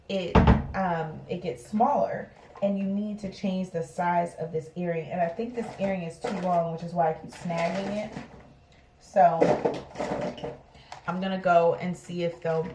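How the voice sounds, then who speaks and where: A woman in her thirties rambles through a casual vlog with lots of fillers and a gravelly edge to her voice. She sits a little back from the camera at home, so the room echoes around her. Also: lowish voice, a little mellow, a little hiss or hum. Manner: chatty, rambling, full of fillers. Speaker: vlogger. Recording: roomy sound from far off.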